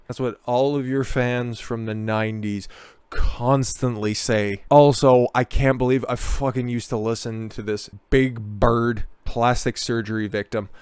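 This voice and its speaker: A man's voice: mid-range voice, fairly even intonation, unhurried, darkish tone, clear, resonant tone, no echo. A man giving sarcastic commentary on news stories, mocking and crude with frequent swearing and snide asides. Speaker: commentary vlogger.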